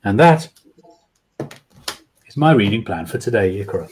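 A man's voice: lowish voice, very animated, measured pace, darkish tone, slight background noise. A man, an author, reading his children's book aloud over a video call with dramatic storytelling.

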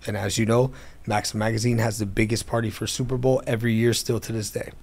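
A man's voice: on the low side, fast talker. A man telling his business story in a casual interview, acting out the voices of people in it, recorded in an airplane hangar. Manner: animated, acts out quoted dialogue.

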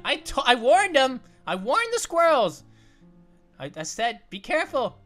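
A woman voicing a bubbly young female grape who hosts animated let's-play commentary, giggling, making puns and yelping at danger, over faint music. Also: sits high, a little slow. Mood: excitable. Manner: giggly, punny, yelps at danger. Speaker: host of gaming videos.

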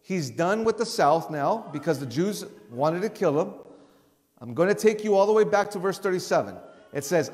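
A man with a high voice teaches a Bible study in a loose, conversational way. He often restarts his words and now and then lifts his voice to act out a shout. A long reverb trails after him. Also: lively intonation, moderate pace.

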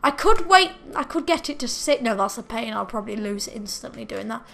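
Woman, let's-play commentator, excitable and shrieky, high lively voice. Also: a little fast, vocal fry. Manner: excitable, shrieks and scolds a pet dog. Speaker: gaming video creator.

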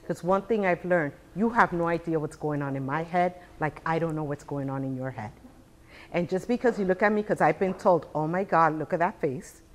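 Woman in her 60s doing a business talk, kinda low voice, animated, keeps asking "right?". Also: fairly quick, slight background noise. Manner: animated, rhetorical questions, acts out quotes. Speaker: speaker.

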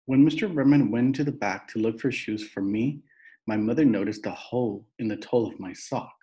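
A man reading a children's chapter book aloud in a plain, steady narrating voice. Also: mid-range voice, fairly quick. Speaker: reader.

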